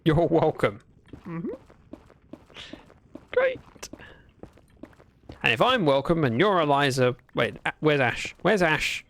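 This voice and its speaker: A man's voice: fairly high pitch, huge pitch swings, slow, long pauses, a bit bright. A man chatting through a gameplay livestream, talking to himself and greeting viewers. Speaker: streamer. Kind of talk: casual gameplay livestream commentary.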